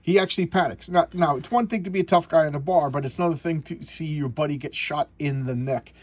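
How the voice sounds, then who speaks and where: A man's voice: fairly high pitch, fast talker. A man casually recapping a comic book in a rambling, sarcastic way, with many restarts. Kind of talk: casual video commentary.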